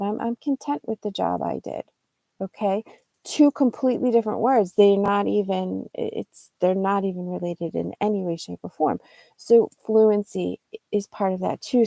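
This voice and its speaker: Woman English teacher, live-stream lesson; slow, warm, gravelly delivery, dry close sound, thinks aloud with restarts. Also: mid-range voice, dry recording.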